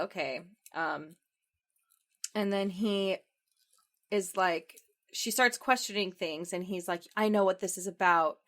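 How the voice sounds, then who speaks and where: Young woman, podcast co-host, chatty film recap, animated storytelling, mid-pitched voice. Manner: animated storytelling, acting out quoted lines. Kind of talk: casual chat recapping a film.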